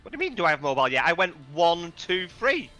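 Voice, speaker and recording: A man's voice: on the high side, sing-song, very fast, bright, forceful tone, faint music behind. A man playing a tabletop game, reading rules aloud and checking his moves as he goes. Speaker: player. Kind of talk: casual tabletop game play.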